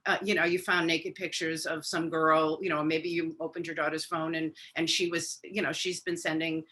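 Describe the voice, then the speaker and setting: Woman, parenting expert on a video-call webinar, bright clear voice, chatty advice with lots of fillers. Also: low voice, flat delivery, normal speed. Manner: conversational, acts out parent-child dialogue; frequent fillers.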